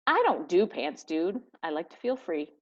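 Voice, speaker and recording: A woman's voice: fairly low pitch, big pitch swings, normal speed. A woman voicing a laid-back male tarantula hacker who talks like a surfer dude. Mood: chill. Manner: drawling, easygoing slang. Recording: dull lo-fi recording.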